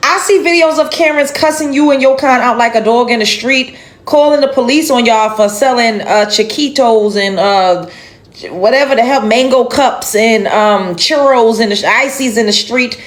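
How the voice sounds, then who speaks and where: A woman's voice: fairly high pitch, moderate pace. Indignant woman reacting to a clip. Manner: emphatic, indignant, exasperated. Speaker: reaction commentator. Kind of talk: reaction commentary.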